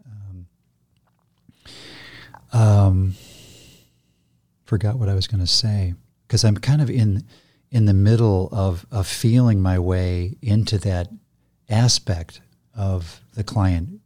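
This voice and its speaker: An older man with a gentle, reflective manner, explaining his therapy practice in a conversational interview. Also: lowish voice, steady tone, takes it slowly, long pauses. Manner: gentle, reflective, restarts phrases. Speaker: guest, somatic therapist.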